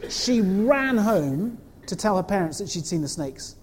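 Animated woman telling a children's story. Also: medium pitch, measured pace, in a large hall, slight background noise. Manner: animated, asks the children questions. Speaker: children's talk leader.

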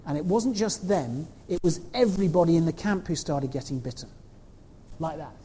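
A woman telling a story to children in an animated way, asking them questions as she goes. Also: low voice, normal speed, in a large hall, slight background noise. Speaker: children's talk leader.

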